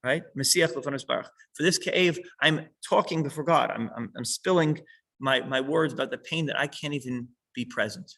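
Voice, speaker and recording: A male teacher leads a small study class, reading a line and then explaining it step by step. His voice is gravelly with a husky edge, sitting at a middling pitch. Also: brisk, fairly bright tone, rough recording.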